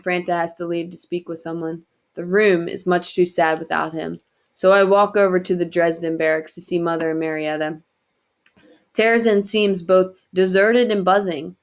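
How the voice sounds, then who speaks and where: A woman reading a novel aloud in quiet, earnest first-person narration. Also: on the low side, steady tone, moderate pace. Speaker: audiobook reader.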